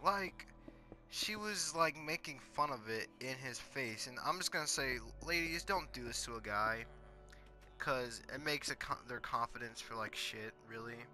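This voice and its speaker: A man's voice: mid-range voice, unhurried, sharp tone. A teenage boy telling crude stories in casual, rambling talk full of fillers and swearing, over faint music. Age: teens. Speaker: storyteller.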